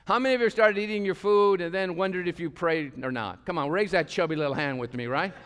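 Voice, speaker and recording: A man preaching a passionate sermon as pastor of a church, swinging between loud calls and quiet asides. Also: high voice, quick pace, smooth. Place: church sanctuary. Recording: long hall reverb.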